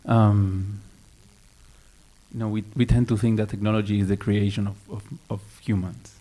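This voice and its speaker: A man's voice: lowish voice, little pitch movement, normal speed, dark tone. A man speaking on a panel at a round-table discussion, thoughtful and hesitant, with many fillers and restarts.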